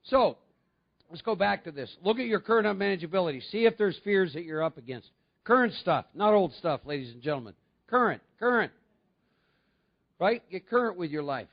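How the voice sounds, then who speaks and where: A man's voice: high-pitched, lively intonation, a little fast, lo-fi sound. A man giving a conversational recovery talk to a meeting, often putting questions to his audience. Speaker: recovery speaker.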